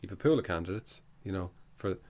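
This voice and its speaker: A man's voice: low voice, animated, fast talker, vocal fry, a little mellow. A man hosting a casual podcast interview, thinking aloud with restarts and short backchannels. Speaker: podcast host.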